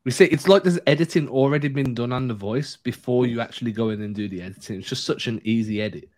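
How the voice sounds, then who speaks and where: A man's voice: mid-range voice, fast talker. A man hosting a sports podcast, joking and bantering through a casual chat. He speaks with a non-American English accent. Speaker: podcast host.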